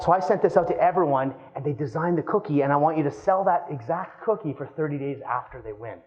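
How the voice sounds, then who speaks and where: A man in his thirties giving a live keynote talk, lively and playful, acting out quoted voices as he goes. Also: a little high, quick pace, few pauses, lo-fi sound. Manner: animated, acts out quoted voices. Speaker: keynote speaker.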